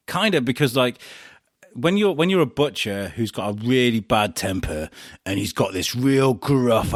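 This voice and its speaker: A man tells stories in a relaxed podcast chat, animated and quick to laugh. His voice sits at an ordinary middle pitch. The sound is dry and close, with no room echo. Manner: animated storyteller, laughs often. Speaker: podcast host being interviewed. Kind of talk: casual chat.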